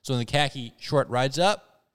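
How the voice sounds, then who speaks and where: A man's voice: medium pitch, moderate pace, clean tone. A man hosting a casual comedy podcast who laughs often and riffs with his co-hosts. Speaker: podcast host.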